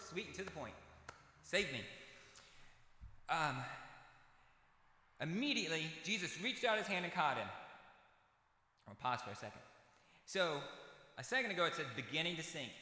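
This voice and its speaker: A man's voice: fairly high pitch, expressive, moderate pace, long pauses, pushed and bright. A man preaching a sermon in a conversational, self-deprecating way, putting questions to his congregation. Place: church sanctuary. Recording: echoey church hall.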